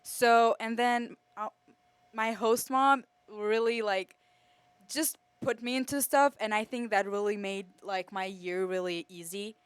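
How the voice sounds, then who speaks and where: Heartfelt young woman with a smooth voice. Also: mid-range voice, fairly even intonation, a little slow, no echo. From Kosovo. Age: teens to early 20s. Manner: heartfelt, many fillers. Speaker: exchange student. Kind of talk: emotional thank-you speech. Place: school TV studio.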